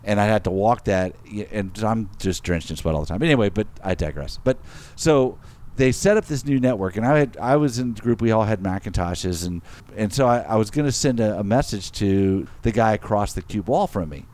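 A man's voice: fairly low pitch, brisk. A middle-aged man in casual chat, telling a story with lots of laughs and acted-out quotes. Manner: animated, laughs often, acts out quotes.

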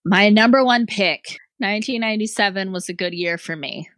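Teasing, animated woman podcaster, dry sound. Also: mid-range voice, fairly quick, dry recording. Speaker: podcast co-host. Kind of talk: casual movie-review chat.

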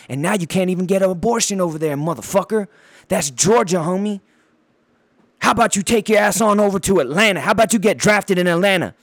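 A man's voice: high-pitched, no room sound, clean studio sound. A man hosting a podcast, ranting about basketball with constant swearing, stumbling over his words while fired up and bouncing around with a handheld mic. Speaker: podcast host. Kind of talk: profane sports rant.

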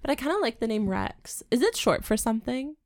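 A woman chatting casually as a podcast co-host, full of gasps and theatrical outrage. Her pitch leaps around in an animated way, and the sound is dry and close. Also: fairly quick, no room sound. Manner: excitable, gasping, squealing, dramatic reactions. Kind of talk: casual chat.

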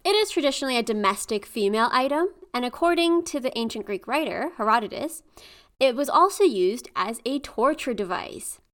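A woman on a podcast explaining myths and fairy tale symbols in a fairly high voice. She talks in a thoughtful, informative way, with a casual tone. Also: lively intonation, brisk, fairly bright tone. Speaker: podcast co-host explaining folklore.

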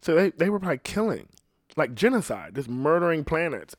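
A man hosting a casual podcast, rambling and swearing freely, swinging between loud outbursts and low muttering into a podcast microphone. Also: sing-song, fairly quick, dry recording, studio quality. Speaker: podcast host.

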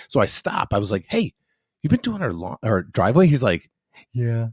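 A man's voice: medium pitch, fast, breathy edge, no room sound. Fifty-something guy telling a story on a podcast, swears a lot, voice jumps all over, dry close sound. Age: 50s. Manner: profane, animated storyteller acting out quotes. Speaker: podcast co-host. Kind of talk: casual storytelling chat.

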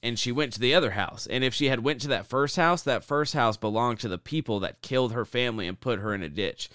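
A fast-talking podcast co-host with a medium-pitched, fairly bright and clean voice chats casually in a loose, rambling way, using lots of fillers and restarts. The recording is studio quality with no room sound.

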